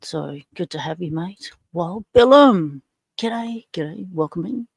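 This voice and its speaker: A woman's voice: on the low side, measured pace, creaky, darkish tone, slightly rough, dry recording, clean studio sound. A middle-aged Australian woman hosting a casual livestream, chatting and greeting viewers by name. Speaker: livestream host.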